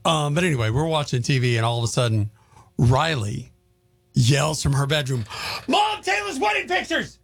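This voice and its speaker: A man co-hosting a morning radio show, telling stories in casual, animated banter. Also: mid-range voice, moderate pace, vocal fry, no room sound. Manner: chatty storyteller, animated. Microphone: studio microphone.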